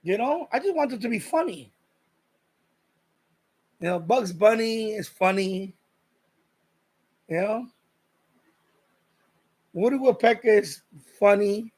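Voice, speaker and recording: Stream host, male, high-pitched voice, loose rambling chat that doubles back on itself and reads out viewer comments. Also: expressive, slow, pauses often, a little mellow. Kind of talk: casual chat with live viewers.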